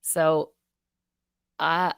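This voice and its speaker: A woman live streaming, chatting casually in an excitable, rambling way, swearing and laughing often. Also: deep voice, extremely slow, vocal fry, clear, resonant tone, no room sound.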